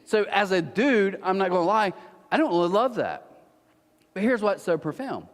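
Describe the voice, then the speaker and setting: Man, pastor, sermon, self-mocking humor, lively pitch swings, long church-hall reverb. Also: moderate pace. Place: church auditorium.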